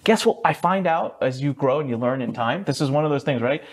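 A man of about thirty tells his life story as a podcast guest. His voice is mid-pitched and very animated. It jumps high whenever he quotes other people, and his tone stays casual throughout. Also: brisk. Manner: lively, swings up high for quoted voices, mild swearing. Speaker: guest entrepreneur.

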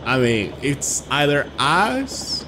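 A man's voice: a little high, very animated, slow. A man from Spain streaming a game live and chatting with viewers in a casual, joking way. He swears freely. Faint noise runs behind his voice.

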